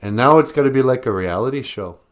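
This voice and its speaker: A man hosting a podcast in a rambling solo monologue, chuckling often and jumping into high mocking voices for quoted people. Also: animated, fast. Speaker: podcast host.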